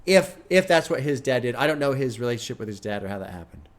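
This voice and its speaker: A man's voice: medium pitch, big pitch swings, fast. A man with a middle-range voice hosts a casual first-listen album reaction. He talks through his thoughts in a reflective, loose way, swearing often. He sounds emotionally moved, close to tears. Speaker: music reaction host.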